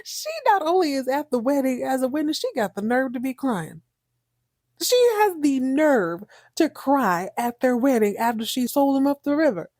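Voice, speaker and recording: A woman hosting a podcast, recapping a soap opera in an animated, slangy way. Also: high-pitched, moderate pace, no room sound, clean studio sound. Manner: animated, slangy, laughing storyteller. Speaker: podcast host.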